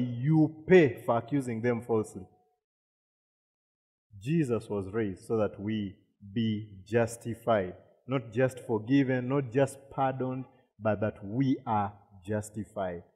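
A man's voice: medium pitch, measured pace, darkish tone, slightly rough. A man preaching a sermon, repeating words and asking the congregation questions. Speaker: pastor. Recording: long reverb of a hall.

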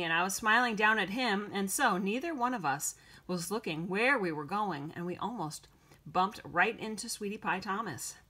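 Female audiobook narrator, bright tone, first-person storytelling. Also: medium pitch. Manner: clear, storytelling read-aloud. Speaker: audiobook reader.

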